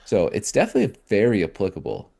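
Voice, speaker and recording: A man co-hosting a casual podcast, talking in an animated, reflective way. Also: lowish voice, fast, gravelly. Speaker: podcast co-host.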